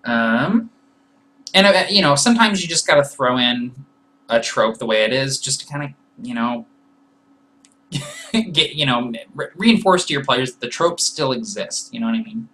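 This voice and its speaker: A man hosts a live question-and-answer session, working through each reply in a relaxed, conversational way. His voice is bright and forward, at an ordinary pitch for a man. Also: normal speed, rough recording. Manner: thinks aloud, loose and conversational. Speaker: host answering viewer questions. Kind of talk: casual live Q&A.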